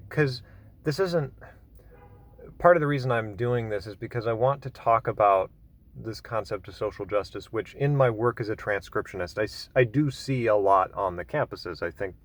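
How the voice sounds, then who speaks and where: A man giving a casual solo commentary, rambling with many fillers and self-corrections, with dry, wry asides. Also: lowish voice.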